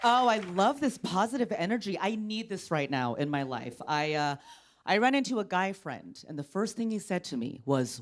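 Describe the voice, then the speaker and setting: A woman in her thirties doing a stand-up comedy set on a TV stage, wry and exasperated, acting out the people she quotes at a louder pitch. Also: very animated, moderate pace. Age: 30s. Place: television studio stage. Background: studio audience laughter.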